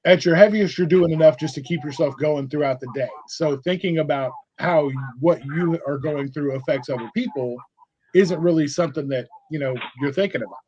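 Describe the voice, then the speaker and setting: A man's voice: fairly high pitch, a little fast, darkish tone. Frank man in his forties, lo-fi. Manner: frank and emphatic. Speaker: podcast guest. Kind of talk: candid conversational storytelling. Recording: dull lo-fi audio with faint noise.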